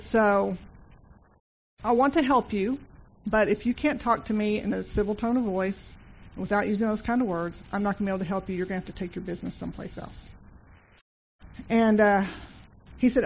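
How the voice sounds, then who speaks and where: A woman's voice: mid-range voice, a little mellow, a little hiss or hum. Woman, earnest devotional speaker, storytelling style, slightly muffled lo-fi recording. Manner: earnest storytelling, repeats phrases. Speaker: Christian speaker. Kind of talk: informal devotional talk.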